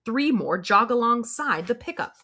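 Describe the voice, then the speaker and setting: A woman's voice: fairly high pitch, expressive, normal speed, pushed and bright. A woman reading a first-person audiobook in a wry, dry storytelling manner. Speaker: audiobook reader.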